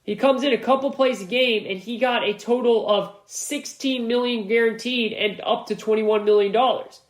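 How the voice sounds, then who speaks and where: A man's voice: very high voice, steady tone, moderate pace. A man hosts a sports podcast on his own, and his voice carries a noticeable room echo. He talks in a loose, slangy way and drives home his points by repeating them for emphasis. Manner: casual and conversational, with slang. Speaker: podcast host. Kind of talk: solo sports analysis podcast.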